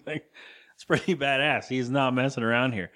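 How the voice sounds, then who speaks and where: A man chatting casually on a podcast, recapping a movie scene by scene. His voice sits at an ordinary middle pitch, and he drops in quick quoted lines and the odd swear word. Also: fairly even intonation, a bit bright. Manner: loose and profane, retells scenes with quoted lines. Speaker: podcast co-host.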